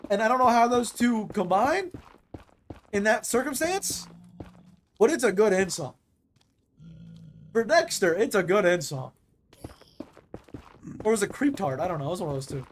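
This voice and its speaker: A streamer talking loosely over a game at a middling pitch, rambling through thoughts with plenty of fillers and casual swearing. A faint hiss sits under the voice. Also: very animated, normal speed, pauses often. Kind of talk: casual chat over live gameplay.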